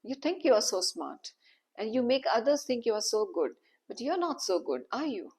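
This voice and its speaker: Woman storyteller as an enraged male sage, accusing, gravelly edge, husky tone. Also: mid-range voice, moderate pace, a little mellow. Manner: bitter, accusing outbursts. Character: proud male sage, wounded and furious.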